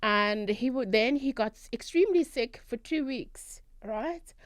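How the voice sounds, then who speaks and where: A South African woman, a guest and traditional healer, telling her story in an animated, emphatic way in a studio interview. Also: fairly high pitch, unhurried, dry recording. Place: radio studio.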